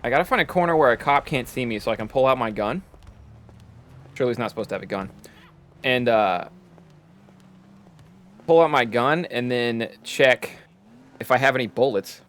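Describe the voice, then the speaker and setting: Male game streamer, average pitch, casual muttering commentary. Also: animated, moderate pace, pauses often, fairly bright tone. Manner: thinks aloud, muttering to himself.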